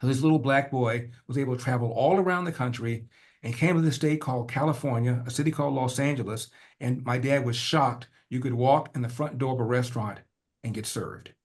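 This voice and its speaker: An older man, a podcast guest, telling a personal family story with animated, rhythmic repetition. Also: mid-range voice, a little fast. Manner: acts out family dialogue in changing voices.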